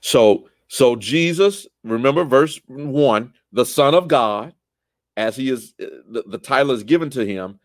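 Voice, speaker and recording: A man leading a church Bible study, animated and lively, often rising in pitch and restarting his sentences. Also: unhurried, no echo.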